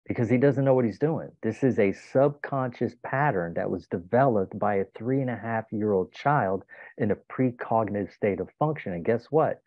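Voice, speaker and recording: A man's voice: lowish voice, moderate pace, no echo. A man guest giving a motivational self-help talk, emphatic and telling stories with acted-out quotes. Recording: tinny phone-like dry sound.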